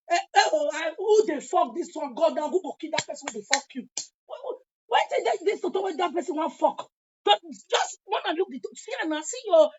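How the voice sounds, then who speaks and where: A Nigerian woman vlogger delivering a heated, taunting rant, sometimes breaking into shouts. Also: extremely high pitch, lo-fi sound. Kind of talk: angry rant.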